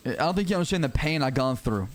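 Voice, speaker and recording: A man playing a character in an online roleplay game, arguing his point in a rapid, insistent way and repeating words when pushed. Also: on the high side, animated. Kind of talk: heated in-character argument.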